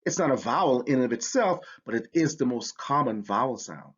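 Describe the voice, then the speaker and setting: A man's voice: medium pitch, animated, a little fast, slightly rough, highs cut off. A man teaching a spelling lesson, explaining with enthusiasm. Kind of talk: educational lesson.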